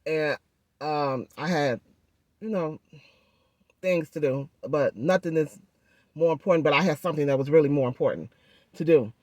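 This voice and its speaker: A woman vlogger telling a story in a chatty, animated way, speaking through a swollen jaw and addressing viewers directly. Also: deep voice, normal speed, pauses often, no room sound, studio quality. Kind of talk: casual storytelling vlog.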